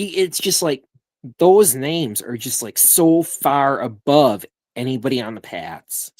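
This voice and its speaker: A man co-hosting a casual sports show over a video call, rambling in an animated way and swearing now and then. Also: mid-range voice, no echo, studio quality. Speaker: co-host.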